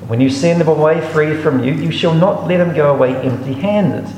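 A man's voice: fairly high pitch, normal speed, a little mellow, a little hiss or hum. A man reading Bible passages aloud and explaining them in a reflective teaching manner. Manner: reads scripture aloud then explains it, reflective. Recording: echoey room with long reverb.

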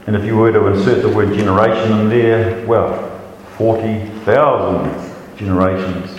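This sermon comes from a man whose voice sits on the low side, with fairly even intonation, a moderate pace and a slightly mellow quality. Speaking conversationally, he repeats words whenever he restarts and voices the doubters himself. The recording picks up slight background noise and the long reverb of a large, echoey hall.

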